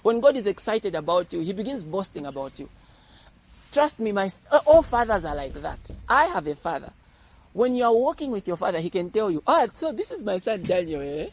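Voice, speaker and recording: Pastor, high male voice, lively teaching sermon with jokes, faint background hum. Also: brisk, low-quality recording. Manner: animated, explains verses with humor and acted-out voices.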